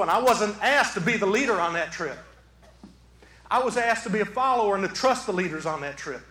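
A man preaching a sermon from the pulpit, animated, swinging from quiet talk to shouting. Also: high voice, fairly quick. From southeastern Michigan. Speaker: pastor. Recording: echoey hall.

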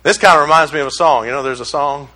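High, bright-voiced preacher man. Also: fast talker. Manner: call-and-response preaching, rising to shouts and dropping to a hush. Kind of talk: sermon.

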